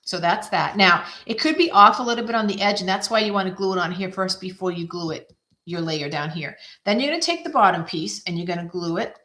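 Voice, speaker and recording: A woman with a lowish, animated voice talks fairly quickly in a sharp tone, hosting a casual card-making demo in an echoey room. She chats, thinks aloud as she works, and pokes fun at herself.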